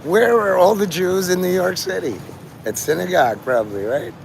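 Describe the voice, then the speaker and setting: A man's voice: sits high, normal speed, slight background noise. A man rambling and swearing on a live stream from a city street, talking to his chat in a strained voice he says is normal for him. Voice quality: gravelly, strained voice he calls his normal one. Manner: rambling, profane, free-associating, talks to chat. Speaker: livestreamer.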